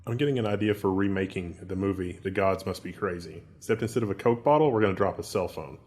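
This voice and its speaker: Low-voiced, wry man reading news stories. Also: fast, a little mellow. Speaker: co-host. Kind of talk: casual news discussion.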